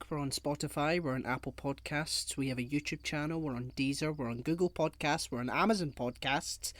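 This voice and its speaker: A man's voice: a little high, no echo. A man co-hosting a casual podcast chat, joking and rambling. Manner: jokey, rambling, laughs at own jokes. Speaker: podcast co-host.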